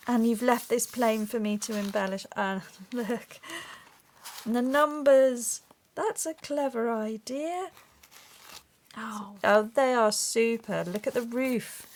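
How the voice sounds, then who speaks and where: A woman hosting a craft video, chatting casually and gushing with excitement as she opens a parcel. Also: on the high side, slow pace. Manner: gushing, excitable, with gasps and exclamations. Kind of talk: casual unboxing chat.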